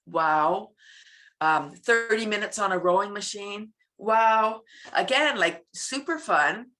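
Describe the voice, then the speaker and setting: A woman, a laughter yoga teacher, talking as an interview guest in an animated way, laughing often and making playful sound effects. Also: mid-range voice, slow pace.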